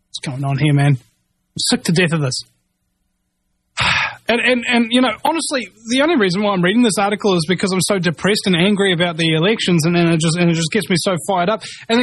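A man rants in a high, tight voice. He rambles and keeps restarting his sentences. The sound is close and dry, with no room in it. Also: a bit bright, dry recording. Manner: agitated, rambling, full of restarts. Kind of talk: ranting monologue.

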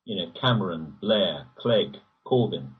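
A man being interviewed, talking in long rambling runs and jumping up in pitch when he stresses a point. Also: measured pace, breathy edge. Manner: rambling, animated, pitch jumps when emphatic. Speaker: guest. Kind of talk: conversational interview. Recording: distant, dull lo-fi audio.

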